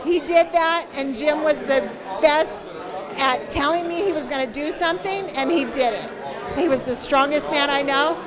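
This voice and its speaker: A woman's voice: sits high, normal speed. A woman at a party telling a fond, emotional story about a late friend and laughing between sentences. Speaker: party guest sharing memories. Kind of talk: casual spoken tribute. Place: indoor party venue. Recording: busy party crowd behind.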